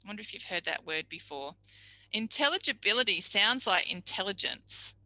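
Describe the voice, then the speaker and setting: A woman's voice: mid-range voice, expressive, moderate pace, bright, forceful tone, low-quality recording. A woman teaching a speech pathology tutorial, chatty and explanatory, acting out examples. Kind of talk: recorded tutorial lecture.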